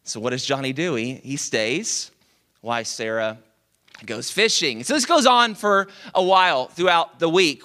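Bright-voiced pastor telling a story. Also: male voice, sits high. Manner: animated, dramatic pauses, conversational. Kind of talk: sermon storytelling.

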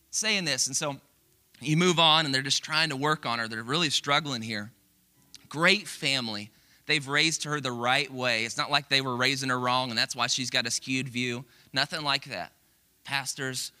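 A man preaching a sermon to a church congregation, telling a story in an earnest, animated, conversational way. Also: mid-range voice. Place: church auditorium with screen.

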